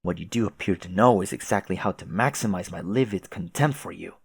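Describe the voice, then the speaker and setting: A man voicing a haughty, prim young male troll aristocrat who speaks formally and quietly with contempt. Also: sits low, fairly quick, creaky, breathy edge, heavily acted.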